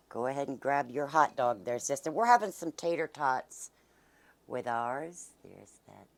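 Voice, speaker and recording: A woman's voice: rumbling low, expressive, measured pace, gravelly. A middle-aged woman, chatting homily as she hosts her cooking vlog and eats along. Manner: homey, chatty, talks while eating. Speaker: cooking channel host. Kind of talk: casual cooking vlog chat.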